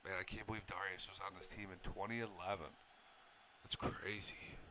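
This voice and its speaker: A young man reacting to game highlights as an excitable fan, swearing freely and yelling at the big moments. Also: moderate pace, a little hiss or hum. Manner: excitable, profane, shouts at big plays. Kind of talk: casual fan reaction commentary.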